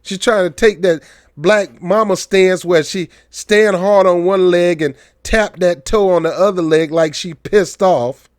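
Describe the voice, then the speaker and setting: A man's voice: high voice, unhurried, no room sound, studio quality. A man giving casual political commentary on his own channel, joking and mocking as he tells stories. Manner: joking, mocking, animated storytelling.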